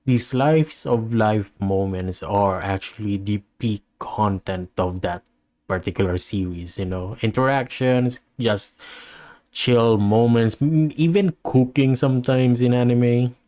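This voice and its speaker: A man's voice: on the low side, a little slow, warm tone. A man hosting a reaction channel, musing through casual commentary with frequent laughs and restarts.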